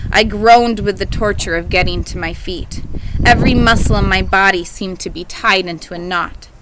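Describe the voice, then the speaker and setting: A woman reading a novel aloud with expressive storytelling. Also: medium pitch, low-quality recording. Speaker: audiobook reader.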